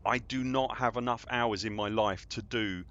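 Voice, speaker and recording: A man's voice: fairly low pitch, steady tone, normal speed, a bit bright, muffled recording. A man, chatting and joking in a rambling way as a game streamer at home. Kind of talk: casual livestream chat.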